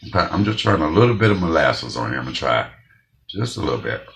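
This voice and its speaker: Speaking fast and with plenty of animation, this man has a rumbling low voice with a fairly bright tone. He runs a home cooking show out of Detroit, USA, sampling his dishes and addressing viewers in a straightforward, blunt way.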